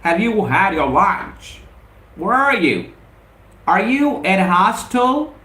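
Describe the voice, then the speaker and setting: A man's voice: high-pitched, very animated, takes it slowly, bright, forceful tone, reverberant. A man with an Indian English accent runs a live spoken English lesson, repeating his points with emphasis and greeting viewers by name. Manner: repetitive, emphatic motivational delivery.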